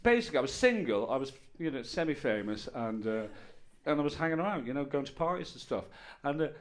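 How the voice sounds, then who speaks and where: An Irish man in his fifties works through a stand-up set, his voice bouncing up and down with lively pitch. He rambles wryly from one story to the next and tosses in playful asides. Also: quick pace. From Ireland. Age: 50s. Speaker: stand-up comedian. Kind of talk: stand-up routine.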